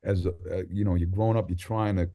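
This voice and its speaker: A middle-aged man with a deep voice tells stories in a loose, rambling interview style. His tone is dark and mellow. He jumps into loud put-on quotes and swears freely. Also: fast talker. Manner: animated, acts out quotes with sudden loud outbursts; rambling, many restarts and fillers, swears freely. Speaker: rapper, interview guest. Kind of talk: casual interview storytelling.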